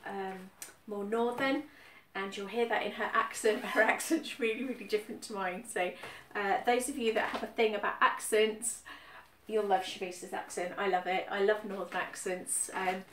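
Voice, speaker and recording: A UK cross-stitch vlogger chats casually about her stitching, often saying um and repeating phrases. Her medium-pitched, fairly bright voice stays fairly even at normal speed, recorded somewhat far from the mic with roomy echo and faint background noise.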